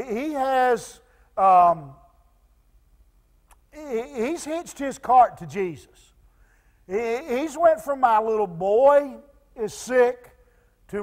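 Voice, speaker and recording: A man preaching a sermon as pastor, halting and repeating words with many fillers, dropping to soft pleading tones when quoting. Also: very high-pitched. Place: church sanctuary. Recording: long church reverb.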